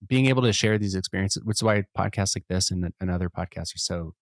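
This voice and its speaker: A man with a very low voice talks through his ideas as a podcast guest, circling back and restarting often. The sound is close and dry, with no room around it. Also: fast talker, no echo. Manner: reflective, rambling with restarts and laughs. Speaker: podcast guest, musician and entrepreneur. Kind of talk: casual conversation.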